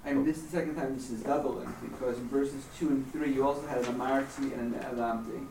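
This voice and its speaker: A man's voice: medium pitch, fairly even intonation, fast, gravelly, darkish tone. Hesitant male student in an echoey room. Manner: tentative, reasoning aloud. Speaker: student in a study class. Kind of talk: classroom discussion. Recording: roomy, distant, noisy.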